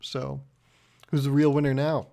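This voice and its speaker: A man's voice: medium pitch, little pitch movement, moderate pace, creaky, warm tone. A young man hosting his own podcast, telling a story in a rambling, profane, self-mocking way. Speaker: podcast host. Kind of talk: casual solo podcast monologue.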